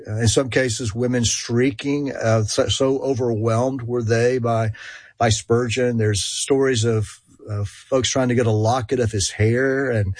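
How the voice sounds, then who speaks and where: A man with a rural Georgia accent talks through a topic as a radio show guest, pausing on "uh" and restarting often. His voice sits at an ordinary middle pitch, and the recording is close and dry. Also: darkish tone, no room sound. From Georgia, USA. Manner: hesitant, many fillers and restarts, chuckles. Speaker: guest expert. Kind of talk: radio call-in discussion.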